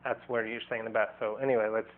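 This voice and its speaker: A man's voice: lowish voice, little pitch movement, quick pace. Man teaching singing through a tinny line. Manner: loose, rambling, restarts his sentences; demonstrates vocal sounds as he explains. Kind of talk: casual vocal lesson video. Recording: thin, phone-like band.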